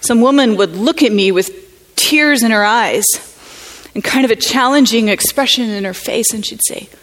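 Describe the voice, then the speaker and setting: A woman from the United States speaking at a conference, telling a personal story in an earnest, halting, reflective way. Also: on the high side. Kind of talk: personal testimony talk.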